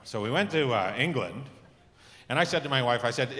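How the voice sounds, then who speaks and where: A middle-aged man performing a stand-up comedy set on stage, telling animated stories and acting out the voices he quotes. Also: medium pitch, fairly quick. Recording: reverberant club with audience laughter.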